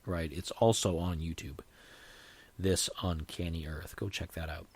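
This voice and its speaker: A man's voice: low-pitched, fairly even intonation, unhurried, darkish tone, husky. A man hosting his own podcast, talking casually in a rambling way with frequent restarts. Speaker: podcast host. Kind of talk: casual solo podcast talk.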